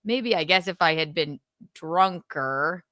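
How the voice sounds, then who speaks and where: A woman's voice: fairly low pitch, lively intonation, slow, pushed and bright, no room sound, clean studio sound. A woman co-hosting a casual podcast chat, rambling and cutting herself off, slipping into a put-on drawl when quoting herself. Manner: rambling, self-interrupting, drops into a put-on drawl for quotes. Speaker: podcast co-host.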